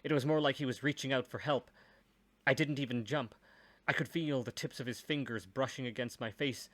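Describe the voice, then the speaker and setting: A man's voice: mid-range voice, fairly quick. Man reading a dry first-person story. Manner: dry, wry asides.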